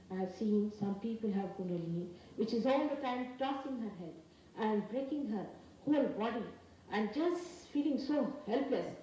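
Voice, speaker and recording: A woman from India with an Indian English accent giving a spiritual lecture, earnest and emphatic, speaking in slow, halting phrases. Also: a little high, warm tone. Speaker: spiritual teacher. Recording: very echoey archival talk from a distance with faint noise.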